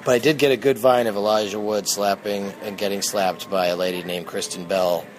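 A man's voice: lowish voice, steady tone, a little fast. A man hosting a casual solo podcast from an airport terminal, talking in a dry, offhand, joking way while sitting in a massage chair. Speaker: podcast host. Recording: noisy airport background. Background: airport ambience.

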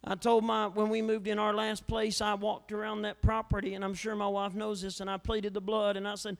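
A male evangelist preaching a fiery revival sermon in a church, swinging between loud declarations and hushed asides. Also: high voice, monotone, a little fast, hardly any pauses. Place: church sanctuary. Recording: long church hall reverb.

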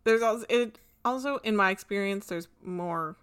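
A woman's voice: mid-range voice, moderate pace, a bit bright, clean tone. A woman co-hosting a podcast, chatting in an easygoing way with many fillers. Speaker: podcast co-host. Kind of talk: casual podcast chat.

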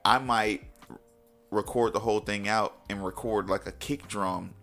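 A young man with a gravelly, fry-tinged voice, trading casual stories as a podcast guest. He talks in an animated way and often jumps up in pitch to act out what other people said. Faint music sits underneath him. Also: measured pace. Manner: animated, mimics people in a raised voice. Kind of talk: casual interview storytelling.

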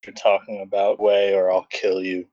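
A man's voice: low-pitched, monotone, moderate pace, a little mellow, voice pushed down, lightly acted. A man putting on the voice of a huge, intimidating male fighter, delivering blunt, dismissive threats. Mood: threatening. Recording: dull lo-fi audio.

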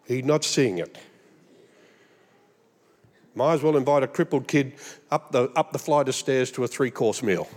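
An Australian man preaching a sermon, animated and humorous, mimicking voices as he goes. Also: medium pitch, moderate pace, pauses often, long reverb tail. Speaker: pastor.

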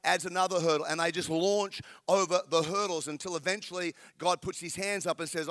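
High-voiced New pastor preaching. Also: male voice, fairly even intonation, a little fast, hardly any pauses, a bit bright. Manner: candid, storytelling, emphatic with repetitions. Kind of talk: sermon.

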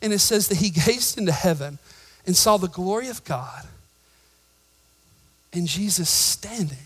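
A high, bright-voiced pastor preaching. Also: male voice, lively intonation, a little slow, slightly rough, rough recording. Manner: emphatic preaching that swings between shouts and quiet asides; jokes with the congregation. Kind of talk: sermon. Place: church.

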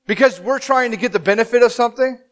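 A man in his thirties preaching a sermon as pastor, telling the story with animated, dramatic acted-out quotes. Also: very high voice, quick pace.

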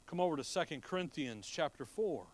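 A man's voice: a little high, expressive, a little fast. A man preaching a sermon to his congregation, reading scripture and explaining it in a folksy, conversational way full of rhetorical questions. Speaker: pastor.

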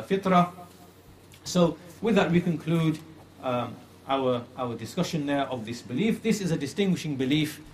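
A man teaching a lesson on religious creed, earnest and repeating phrases for emphasis, slowing down to stress key points. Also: mid-range voice, slight background noise. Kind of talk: religious lecture retelling a classical story.

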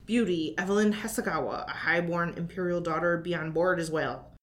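A woman's voice: fairly low pitch, brisk. A woman co-hosting a library podcast, reading book recommendations aloud in a storytelling manner sprinkled with mock pirate dialect.

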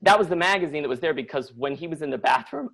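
A middle-aged man telling a personal story on live radio, conversational and animated, with many likes and acted-out quotes. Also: fairly high pitch, quick pace. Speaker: storyteller guest.

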